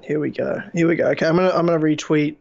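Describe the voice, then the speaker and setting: A man's voice: fairly high pitch, steady tone, rapid-fire, creaky, darkish tone, lo-fi sound. A man co-hosting a casual podcast, blunt, sarcastic and profane. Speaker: podcast co-host.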